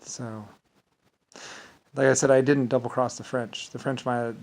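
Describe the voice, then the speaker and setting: A man telling a story in a rambling casual monologue, full of halting restarts and repeated filler words. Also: mid-range voice, poor audio.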